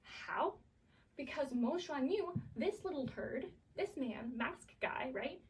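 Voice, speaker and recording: A woman's voice: sits high, expressive, takes it slowly, far from the mic, rough recording. A woman recapping a drama series in a chaotic, profane, casual way, full of fillers.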